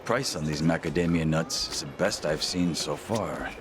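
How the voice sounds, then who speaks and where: An actor voicing a calm, businesslike man in a video game, speaking in a level, matter-of-fact way. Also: extremely low pitch, normal speed, background noise. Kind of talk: game dialogue.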